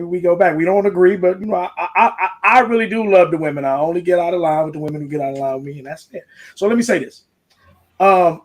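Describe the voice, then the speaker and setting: A man speaking as a panel guest, blunt and emphatic, cursing and repeating himself. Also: high-pitched. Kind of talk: heated panel talk.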